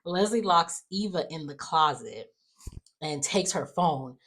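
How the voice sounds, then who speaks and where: A woman's voice: low-pitched, animated, measured pace, fairly bright tone. A woman casually recapping soap opera episodes, chatty and full of fillers, acting out quotes. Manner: chatty, many fillers and restarts, acts out quotes.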